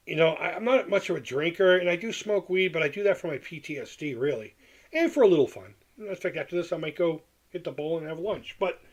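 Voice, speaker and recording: Candid rambling man on a livestream. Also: on the high side. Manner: rambling, candid, repeats himself, frequent restarts. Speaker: livestream host reading chat. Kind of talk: casual livestream chat.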